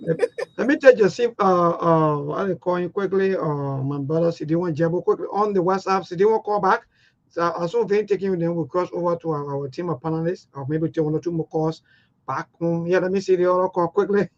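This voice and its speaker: A man runs a call-in radio show in a high voice. He talks loosely and chats with his callers, calling them brother. The broadcast audio is muffled. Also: brisk. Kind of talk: casual call-in radio chat.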